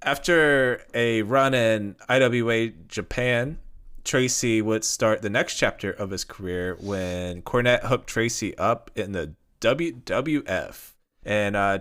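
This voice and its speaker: A man co-hosting a podcast, recapping a wrestler's career in a steady way with small asides. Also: fairly low pitch, clear, resonant tone. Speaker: podcast co-host. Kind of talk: reading a career history.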